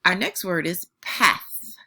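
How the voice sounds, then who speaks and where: Bright, lively woman teaching phonics. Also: fairly low pitch. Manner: slow, clearly modeled sounds with patient praise. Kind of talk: phonics lesson for young children.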